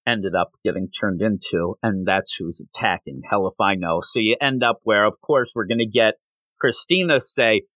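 On a podcast, this male co-host chats loosely about a comic, performing its lines with animated flair as he recounts the story. He speaks on the low side at normal speed, captured in a dry but rough recording.

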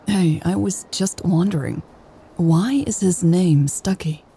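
A woman's voice: on the low side, slow, dark tone, breathy edge, full character voice. A woman reading an audiobook and voicing Louise, a wry, affectionate adult woman. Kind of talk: audiobook character voice.

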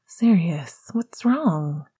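A woman voicing a gentle young man soothing his partner, in a calm, tender whispered role-play. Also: fairly low pitch, a little slow, breathy edge.

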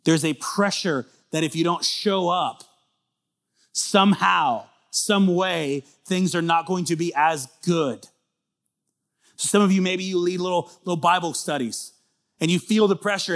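A man in his thirties preaching a sermon in a conversational way, building to loud emphatic peaks. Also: a little high. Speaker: pastor.

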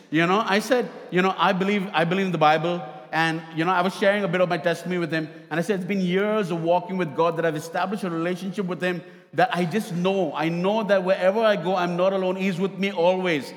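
A male pastor preaching a sermon to his church, his voice sitting a little high for a man. He tells a story, acting out both sides of a conversation. The voice rings out with a long hall reverb. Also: quick pace, few pauses.

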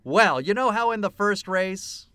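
A man co-hosting a podcast, excitedly retelling a film scene by scene with lots of laughter, in casual chat. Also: sits high, unhurried, clean tone, no room sound. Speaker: podcast co-host.

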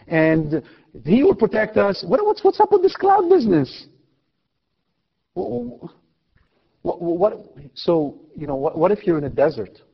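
Animated man teaching scripture. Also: high voice, breathy edge, highs cut off. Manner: animated, rhetorical questions, humorous asides. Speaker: Bible teacher. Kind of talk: lively Bible lecture.

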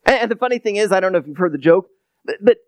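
A man's voice: sits high, expressive, rapid-fire, no room sound. A male pastor preaching a conversational sermon and restarting with repeated words.

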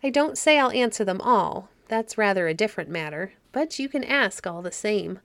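A woman reading the part of a cheerful, kindly old caretaker woman in a fairy story, in a gentle, homely way. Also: mid-range voice, expressive, moderate pace, no echo.

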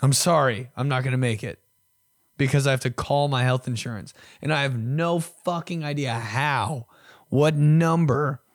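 A man's voice: medium pitch, no echo, clean studio sound. A young man hosting a podcast, ranting casually with lots of swearing and mock voices. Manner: profane, animated, mock voices. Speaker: podcast host. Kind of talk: casual rant.

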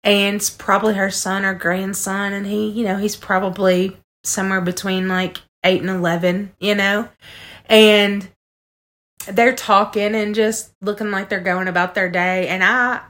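A woman's voice: medium pitch, flat delivery, a little slow, fairly bright tone. A woman telling a personal story earnestly on a casual podcast, talking straight to her listeners. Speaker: podcast co-host.

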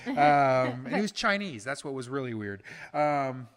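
A man's voice: medium pitch, very animated, a little slow, a crowd in the background. A man co-hosting a casual chat about dating, joking often and repeating words as he starts his sentences. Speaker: co-host.

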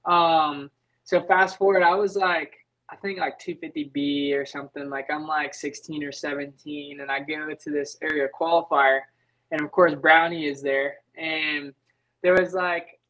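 Animated young man with a higher voice. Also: unhurried, poor audio. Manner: animated, leans on filler words, acts out his own past thoughts. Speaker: guest, motocross racer. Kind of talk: casual podcast storytelling.

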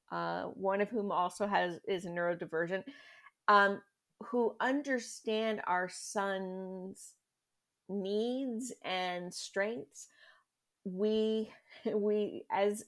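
Middle-aged mom telling stories in an interview, chatty, laughs a lot. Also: female voice, medium pitch, a bit bright. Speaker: guest parent. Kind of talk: casual interview.

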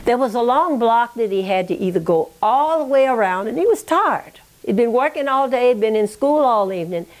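A woman's voice: fairly high pitch, expressive, normal speed, hardly any pauses. Reflective woman telling a family story. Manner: reflective, digressive, with frequent "you know" and "okay?". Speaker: interviewee recounting family history. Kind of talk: oral history storytelling.

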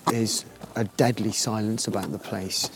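A man's voice: lowish voice, little pitch movement, a little slow, noisy background. A man presenting a comedy documentary in a dry, mock-dramatic way. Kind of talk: comic field presenting.

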